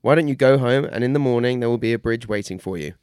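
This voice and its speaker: A man's voice: medium pitch, fast, smooth, no room sound, studio quality, lightly acted. A man voicing a boastful male devil from a folk tale, who screeches in anger when he is tricked. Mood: sly. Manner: screechy, shouting.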